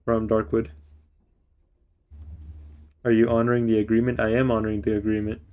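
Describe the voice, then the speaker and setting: A man livestreams a game, joking with and teasing a friend over voice chat, then reads the game's story text aloud in a slow, measured narrator's voice. His voice is lowish and warm, with a monotone delivery.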